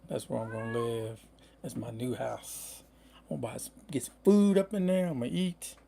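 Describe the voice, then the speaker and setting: A man's voice: mid-range voice, normal speed, vocal fry, mellow. A man voicing a stray male cat that is set on claiming a new home, muttering in a matter-of-fact way. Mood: determined.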